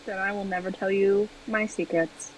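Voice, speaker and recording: A woman streamer chatting casually over a game, joking in a playful, deadpan way. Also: mid-range voice, moderate pace, recorded from a distance, a little hiss or hum, poor audio. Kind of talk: casual gameplay chat.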